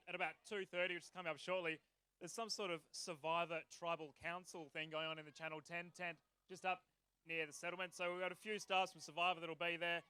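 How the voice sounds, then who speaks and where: A man's voice: on the high side, pushed and bright, smooth, no room sound. A man, co-commentating a live swim event in an upbeat, chatty way.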